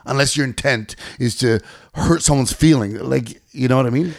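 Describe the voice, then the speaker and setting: A man co-hosting a podcast in casual chat, blunt and quick to swear. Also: mid-range voice, gravelly, no room sound, studio quality. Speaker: podcast co-host.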